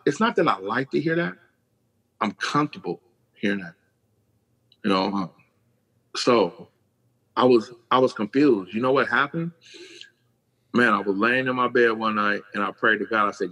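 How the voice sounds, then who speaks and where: Husky middle-aged man telling street stories. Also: fairly low pitch, normal speed, long pauses, low-quality recording. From California. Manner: animated storyteller, acts out quoted voices, swears freely. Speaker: podcast guest. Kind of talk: casual storytelling.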